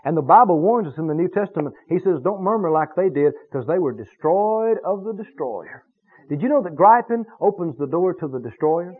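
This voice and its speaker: A man preaching a sermon, emphatic and animated, stretching key words for effect. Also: high-pitched, brisk, breathy edge. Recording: tinny phone-like radio broadcast.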